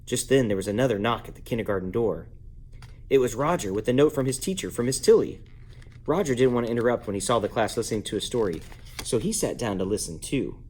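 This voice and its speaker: A man reading a children's book aloud at bedtime at home, lively and playful, jumping up in pitch to give each character a voice. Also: fast talker. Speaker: parent reading a bedtime story. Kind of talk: bedtime story read-aloud.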